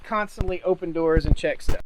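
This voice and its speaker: A man leads a casual, enthusiastic tour of his farm, speaking outdoors. His voice sits high for a man, and loud outdoor noise and rain run behind him. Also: normal speed. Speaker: farmer.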